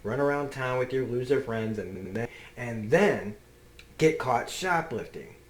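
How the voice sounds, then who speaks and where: A man's voice: medium pitch, lively intonation, measured pace, lightly acted. A man reading out a comic's bitter, cruel father who taunts and berates his son, in a contemptuous tone. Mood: scolding. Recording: roomy echo.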